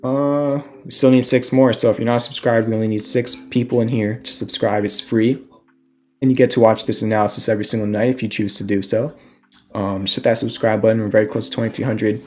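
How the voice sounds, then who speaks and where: Young man, livestream host, casual market commentary, slightly breathless, lowish voice. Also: little pitch movement, a little fast, soft background music. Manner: conversational, explains trades, answers chat questions. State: a little out of breath. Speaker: livestream stock trading host.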